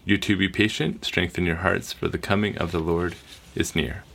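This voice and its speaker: A man with a very low, gravelly voice reading scripture aloud. He takes the verses in a measured, deliberate way. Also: steady tone, a bit bright, a little hiss or hum. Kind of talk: casual Bible study chat and scripture reading.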